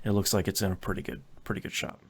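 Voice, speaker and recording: A man's voice: deep voice, very fast, gravelly, breathy edge. A man co-hosting a casual games podcast, talking with enthusiasm and frequent restarts. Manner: enthusiastic, stumbling restarts, lively quoting. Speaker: podcast co-host.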